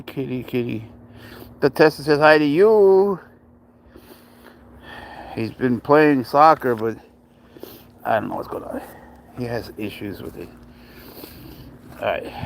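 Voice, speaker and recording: A man's voice: mid-range voice, sing-song, slow, pauses often. A young man from Spain, outdoors, coaxing and cheering on his cat in a playful way. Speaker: pet owner filming his cat. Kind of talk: casual talk to a pet.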